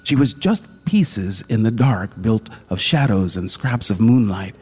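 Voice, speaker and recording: A man voicing a blunt, forceful woman in a read-aloud story, speaking low and urgently. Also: lively intonation, a little slow, breathy edge.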